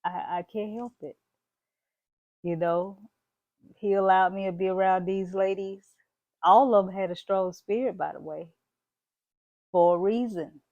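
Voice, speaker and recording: A woman's voice: medium pitch, unhurried, pauses often, darkish tone, no echo, lo-fi sound. A woman vlogging straight to her viewers in a bold, preachy, emphatic manner, dropping "y'all" and "baby" along the way. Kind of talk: casual motivational talk to camera.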